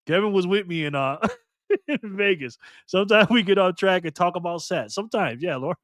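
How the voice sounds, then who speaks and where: Male streamer, higher pitch, jokey and laughing with chat, dry mic. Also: expressive, fairly quick, no echo. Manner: laughs often, banters with chat. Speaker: live stream host. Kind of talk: casual live stream chat reading comments.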